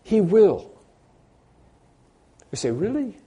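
A man delivers a sermon in a mellow, darker-toned voice of middle pitch. He speaks freely rather than from a script, restarting phrases as he goes. On key points his voice climbs and gets louder. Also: animated, measured pace. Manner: unscripted preaching with restarts, rising and louder on emphatic points. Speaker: pastor.

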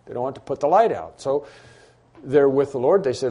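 Emphatic man preaching, mellow voice. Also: medium pitch, expressive, brisk, breathy edge. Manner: emphatic, repeats key phrases, acts out imagined dialogue. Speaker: pastor. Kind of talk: sermon. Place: church room with congregation.

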